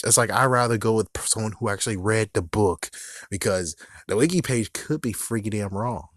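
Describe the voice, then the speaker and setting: A man's voice: sits low, no echo, clean studio sound. A young man casually rambling through a review, cursing often and laughing at his own jokes. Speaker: YouTube reviewer.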